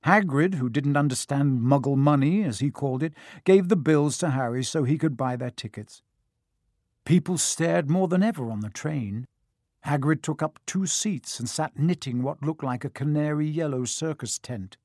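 A man narrating a children's fantasy audiobook in a steady storytelling manner, recorded in a studio. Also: a little high, moderate pace, no room sound. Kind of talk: scripted narration.

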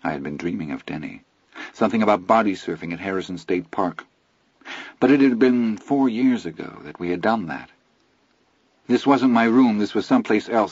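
A man reading a first-person story aloud in a measured, low-key way. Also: slightly rough, no echo. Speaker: audiobook narrator. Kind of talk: scripted first-person narration. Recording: dull lo-fi audio, dry.

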